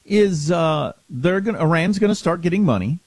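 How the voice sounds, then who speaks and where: A man's voice: a little high, expressive, moderate pace, dry recording. A man co-hosting a talk radio show, giving sardonic opinions on politics. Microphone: studio microphone.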